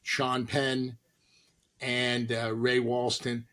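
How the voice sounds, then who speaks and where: Animated middle-aged man telling stories. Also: medium pitch, very slow. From Los Angeles. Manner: animated anecdotes with acted-out quotes. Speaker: actor and comedian guest. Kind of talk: storytelling interview.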